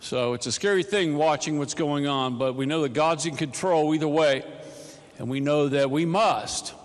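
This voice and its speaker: A man's voice: on the high side, moderate pace. Fervent man speaking in an echoey chamber. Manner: fervent, emphatic oratory. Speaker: state senator. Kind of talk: floor speech. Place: legislative chamber.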